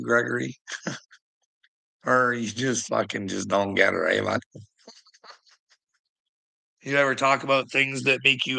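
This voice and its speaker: A man rambles through a profane rant at his viewers, calling them out by name between chuckles. His voice is gravelly, with a hard, tense edge, and sits at an ordinary pitch for a man. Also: sharp tone, poor audio. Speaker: streamer talking to chat. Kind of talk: rambling ranting monologue.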